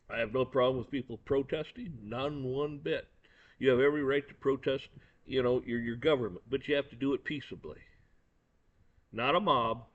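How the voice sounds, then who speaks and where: A man's voice: medium pitch, moderate pace, pauses often. A man giving a blunt, profane and angry opinion rant, often stumbling and repeating words. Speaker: commentator. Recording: dull lo-fi recording.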